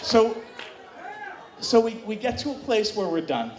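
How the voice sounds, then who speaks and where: A man telling a bawdy story live on stage to an audience, animated and shouting out quoted moans. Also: sits high, measured pace. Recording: distant, roomy live recording with crowd noise.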